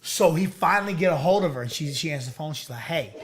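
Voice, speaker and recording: Young male co-host, high-pitched, animated, recaps shows by acting out the scenes. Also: fast. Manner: animated, acts out quoted lines. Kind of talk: casual chat.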